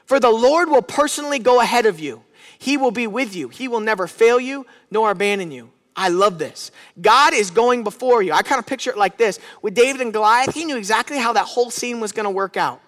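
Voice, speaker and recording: A man's voice: very high voice, a little fast, fairly bright tone, big-room sound. A man in his thirties preaching a sermon as a pastor, with rising fervor and calls to the congregation.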